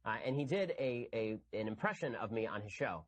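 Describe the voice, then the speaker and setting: A man's voice: lowish voice, expressive, muffled recording. A man giving an argumentative commentary monologue. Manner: rapid, argumentative. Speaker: political commentator.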